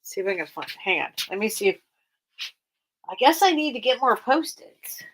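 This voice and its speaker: A woman's voice: fairly high pitch, sing-song, normal speed, low-quality recording. A woman hosting a live online vintage sale, chatting casually and rambling as she reads comments and counts down bids. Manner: chatty, rambling, easily touched. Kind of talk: casual live-stream auction chat. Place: cluttered room at home.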